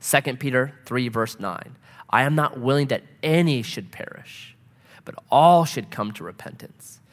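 A middle-aged man preaching a sermon, telling stories in an animated way and swinging from loud to soft. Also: mid-range voice, measured pace. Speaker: pastor. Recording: long hall reverb.

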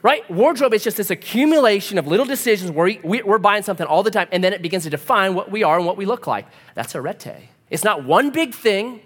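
Male pastor, lively pitched preaching voice, animated storyteller, long hall reverb. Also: quick pace, few pauses. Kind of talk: sermon.

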